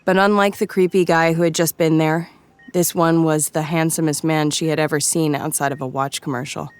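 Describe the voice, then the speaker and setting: A woman giving measured, scripted audiobook narration. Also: low-pitched, fairly even intonation, clear, resonant tone.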